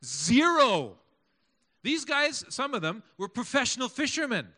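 A man preaching a sermon, animated and asking his congregation questions as he goes. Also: very high voice, moderate pace. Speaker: pastor.

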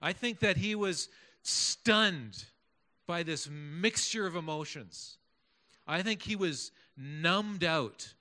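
Pastor, male, high bright voice, slow deliberate delivery, questions the congregation. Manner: animated, asks the congregation questions. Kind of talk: sermon.

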